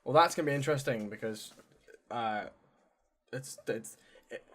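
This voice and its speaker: A man's voice: mid-range voice, normal speed, fairly bright tone, husky. A young man co-hosting a podcast, chatting casually about video games in a rambling way with casual swearing. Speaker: podcast co-host.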